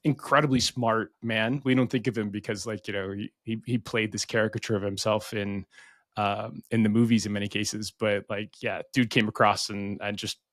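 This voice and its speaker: A man's voice: lowish voice, little pitch movement, normal speed, a bit bright, no room sound, clean studio sound. A middle-aged American man co-hosting a podcast, rambling in casual chat and swearing freely. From United States. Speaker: podcast co-host.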